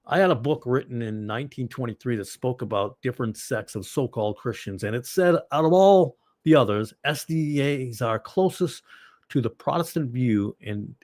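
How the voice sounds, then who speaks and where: A man's voice: mid-range voice, expressive, moderate pace, no echo, studio quality. Rambling man with a Boston accent. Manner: rambling and digressive, with sudden loud outbursts. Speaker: ministry host. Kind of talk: casual livestream chat answering viewers.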